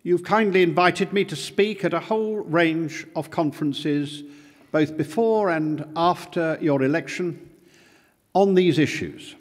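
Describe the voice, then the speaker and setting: An older man from Britain delivers a formal speech in a large hall, his voice high and lively in pitch. He speaks slowly, leaning on each phrase with measured emphasis. A long reverb trails his words. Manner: measured, emphatic oratory with slow pauses. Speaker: conference speaker.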